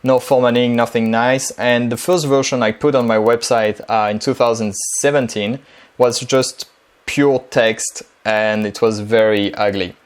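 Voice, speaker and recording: A man whose first language is French gives a relaxed, chatty screen-share tutorial on building a language-learning dialogue. His medium-pitched, smooth voice explains things casually, often pausing on um and uh.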